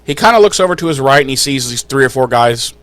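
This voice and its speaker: 爱开玩笑、说粗话的男播客主持人. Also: male voice, medium pitch, animated, fast, fairly bright tone, no room sound. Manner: jokey, profane, acts out lines in silly voices. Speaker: podcast co-host. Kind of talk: casual recap chat.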